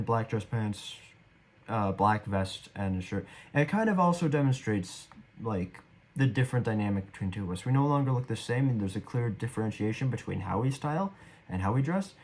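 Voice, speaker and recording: With a fairly low, slightly mellow voice, a young man rambles casually about how he did on stage. He is an actor looking back at his performance, and he pokes a little fun at himself.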